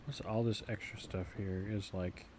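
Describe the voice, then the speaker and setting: A man's voice: fairly low pitch, fairly even intonation, moderate pace, noisy background. A man streamer chatting casually with his viewers, rambling along and laughing often.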